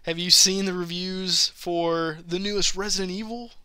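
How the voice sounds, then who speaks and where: A man hosting a live gaming show, chatting casually and telling a rambling story with animated quoted voices. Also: high-pitched, normal speed, clean tone. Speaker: podcast host.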